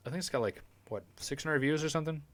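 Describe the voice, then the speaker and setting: A man's voice: fairly high pitch, fast talker, fairly bright tone, no room sound. A young man chatting casually on a live stream from his home basement, rambling and swearing often in a laid-back way.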